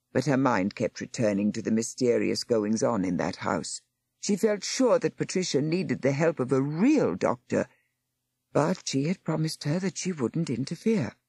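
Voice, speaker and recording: A woman narrating a story aloud in an expressive storytelling manner. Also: sits low, breathy edge, dry recording, clean studio sound. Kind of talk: audiobook narration.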